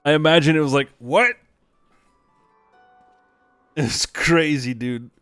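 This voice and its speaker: A man's voice: a little high, fairly even intonation, moderate pace, fairly bright tone, clean tone, no room sound, faint music behind. A young man chatting casually on a game stream, swearing freely and laughing often. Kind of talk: casual live stream chat.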